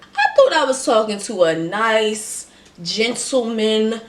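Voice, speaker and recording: A woman in her twenties telling a storytime vlog in a casual, animated and sassy way, full of slang. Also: on the high side, measured pace, far from the mic. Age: 20s. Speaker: vlogger. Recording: roomy, off-mic.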